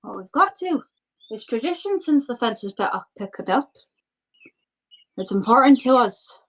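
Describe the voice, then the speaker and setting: A woman's voice: a little high, sing-song, measured pace, pitched above the performer's own voice, exaggerated voice, poor audio. A woman voicing a chatty old male cart driver who rambles with many hesitations. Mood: earnest. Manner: rambling, hesitant, full of fillers.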